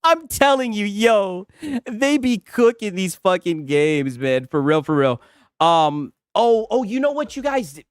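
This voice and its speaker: A man streaming gaming reactions in casual, excitable commentary, swearing often and laughing a lot. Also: high-pitched, measured pace, clear, resonant tone, dry recording, studio quality.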